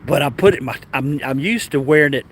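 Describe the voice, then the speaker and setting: A man's voice: a little high, fast talker. Southern guy rambling thru a travel story, lots of stammers and restarts, faint car hum behind. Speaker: travel vlogger. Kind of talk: casual storytelling.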